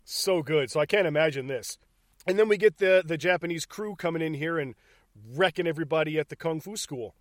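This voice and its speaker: A man's voice: fairly high pitch, dry recording, studio quality. A man co-hosting a casual podcast about a movie, swearing, laughing and acting out the scenes. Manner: profane, laughing, acts out scenes in quick bursts. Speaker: podcast co-host.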